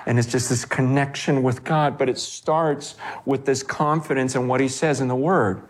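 A man preaching a sermon from a stage, emphatic and animated, quoting scripture and acting out voices. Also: normal speed, hardly any pauses. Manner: animated, emphatic preaching with big pitch swings. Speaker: pastor.

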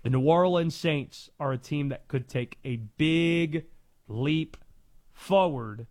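A man's voice: fairly high pitch, slow pace, a little mellow. A man hosting a sports talk radio show, chatting and asking questions. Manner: conversational, questioning.

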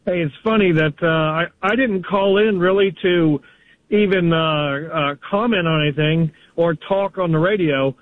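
A man from Florida calling in to a radio show, speaking haltingly with many fillers and restarts. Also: fairly high pitch, dry recording. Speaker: radio caller. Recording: tinny phone line.

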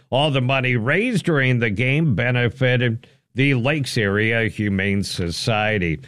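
Male radio news anchor, even delivery, dry studio sound. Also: medium pitch, no room sound. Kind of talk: local radio newscast and morning banter. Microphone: close studio mic.

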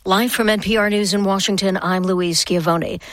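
A woman anchoring a radio newscast in a measured, even delivery. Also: medium pitch. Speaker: news anchor. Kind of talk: newscast reading.

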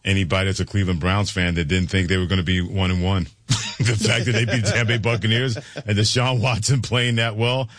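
A man's voice: fairly low pitch, fairly even intonation, a little fast, fairly bright tone, no room sound. A male radio host running a sports talk show, upbeat and reading promos and phone numbers.

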